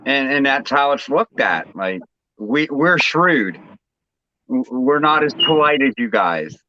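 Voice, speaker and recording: A man from the United States chatting casually, telling things in an amused, drawn-out way. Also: mid-range voice, lively intonation, dry recording, lo-fi sound. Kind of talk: casual chat.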